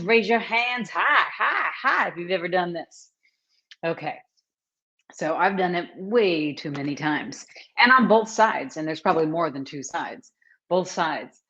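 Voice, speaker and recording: A woman hosting a casual live stream, chatting warmly and greeting viewers by name as she talks. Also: fairly low pitch. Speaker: host, author and coach. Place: at home, book behind her. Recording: slightly dull, lo-fi sound.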